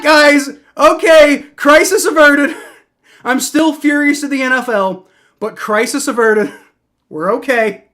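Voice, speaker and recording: A man's voice: high voice, a bit bright. A young man streaming live football reactions and play-by-play, heated and profane, ranting with many restarts.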